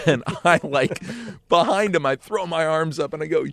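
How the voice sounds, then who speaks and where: Lively storytelling man, dry close sound. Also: a little high, moderate pace, no echo. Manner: animated, acts out quotes with hushed and loud voices. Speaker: guest storyteller. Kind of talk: casual anecdote on a podcast.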